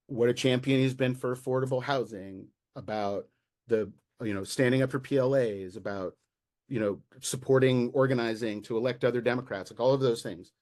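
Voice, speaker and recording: An American man talking as a guest in a casual interview, animated and exasperated, with many restarts and fillers. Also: mid-range voice. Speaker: local party official, guest.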